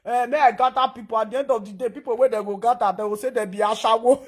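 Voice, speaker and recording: A woman speaking in a Nigerian Pidgin accent, ranting loudly and scolding on social media. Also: fairly high pitch. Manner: animated, loud and scolding, switching between pidgin and English.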